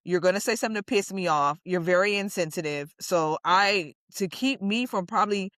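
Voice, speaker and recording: A woman's voice: lowish voice, fairly quick, a bit bright, no room sound, studio quality. A woman co-hosting a podcast, speaking bluntly and candidly in casual conversation. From United States. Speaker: podcast co-host.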